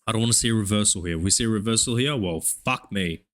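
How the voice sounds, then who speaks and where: A young man from Australia with an Australian accent, streaming live trading commentary in a profane, hyped play-by-play with excited oohs. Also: fairly low pitch, fast. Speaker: live-streaming futures trader.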